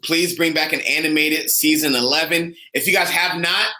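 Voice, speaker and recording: A man's voice: a little high, normal speed. Upbeat young man in an echoey room. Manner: enthusiastic, animated fan talk. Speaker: co-host. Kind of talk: casual podcast chat.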